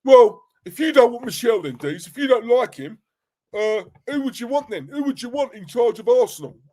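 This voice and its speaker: A man putting on the voice of a pestering male football fan, pitched higher than his own voice. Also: expressive, fairly quick, mellow. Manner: pleading, questioning.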